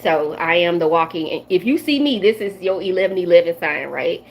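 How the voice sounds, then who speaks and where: A woman's voice: lowish voice, expressive, moderate pace, darkish tone, slight background noise, rough recording. A woman in her forties from the Midwestern United States, a tarot reader chatting loosely and directly to viewers on a live stream. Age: 40s. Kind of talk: casual live-stream chat.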